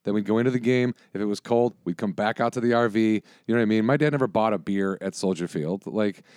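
A man's voice: fairly low pitch, fast, a little mellow, dry recording, clean studio sound. A man in his forties chatting casually, telling rambling, profane stories full of restarts. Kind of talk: casual chat.

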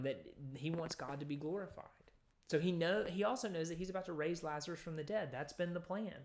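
A man preaching a sermon in a conversational teaching tone, pausing with fillers and reading scripture passages aloud. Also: on the high side. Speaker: pastor.

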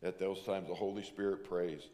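A man's voice: low-pitched, fairly even intonation, dark tone. Preaching man in a long-reverb hall. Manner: emphatic preaching, slows down to stress points. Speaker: pastor. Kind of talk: sermon.

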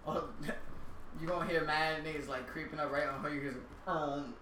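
A man co-hosting a casual chat, wisecracking with quick asides. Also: fairly high pitch, little pitch movement, pushed and bright, a little hiss or hum. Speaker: podcast co-host. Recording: roomy, distant room mic.

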